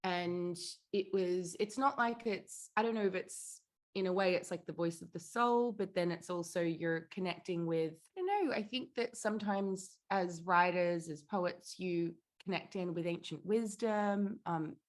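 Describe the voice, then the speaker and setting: A woman's voice: lowish voice, unhurried. A jet-lagged woman with an Australian accent, a spiritual writer talking in a laid-back, rambling way. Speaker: guest, spiritual teacher and writer. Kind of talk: casual interview chat.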